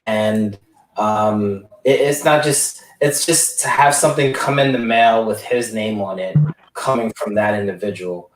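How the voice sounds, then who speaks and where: A man's voice: fairly low pitch, unhurried. A man co-hosting a podcast who talks in a rambling, conversational way and asks the others questions. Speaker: podcast co-host caring for his father. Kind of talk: casual podcast discussion. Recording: roomy sound from a distance.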